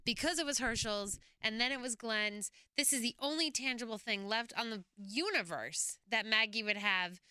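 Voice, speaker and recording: Very bright, crisp-voiced woman chiming in. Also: a little high, dry recording. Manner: quick reactions, laughs often, chimes in. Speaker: podcast co-host. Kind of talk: casual chat.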